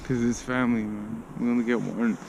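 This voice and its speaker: A young man speaks outdoors, quiet and halting and clearly emotional. His voice is warm and mellow. Faint traffic noise is heard behind him. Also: mid-range voice, fairly even intonation, rough recording. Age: young adult. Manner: quiet, halting, soft-spoken. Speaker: passerby in conversation. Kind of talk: casual street conversation. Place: outdoors in a city park in winter.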